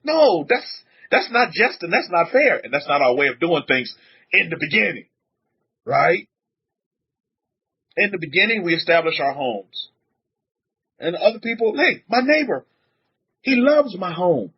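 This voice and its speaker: A man teaching as a rabbi in a casual, animated sermon, repeating himself and dropping in blessings. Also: high voice, measured pace, long pauses, slightly rough, dull audio. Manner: animated, repetitive, punctuated with blessings. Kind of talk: informal outdoor sermon.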